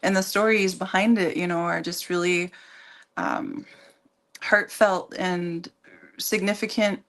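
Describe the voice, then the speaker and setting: A woman with a slightly low voice, chatting as a radio guest. She speaks in a halting, searching way, full of fillers and restarts. Her talk is loose and conversational. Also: big pitch swings, gravelly, a bit bright. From Minnesota. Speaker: guest, community organization leader. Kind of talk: casual radio chat.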